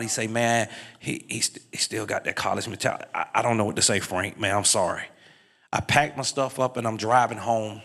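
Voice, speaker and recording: A middle-aged guest speaker shares his life testimony, going low and quiet while telling the story. He then turns loud and high to exhort his listeners.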